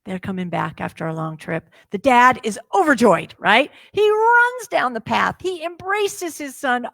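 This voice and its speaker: Lady minister preaching slow and lively, kinda high voice, dry close sound. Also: creaky, no room sound. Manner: lively storytelling, acting out the characters' lines. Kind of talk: sermon. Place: church sanctuary.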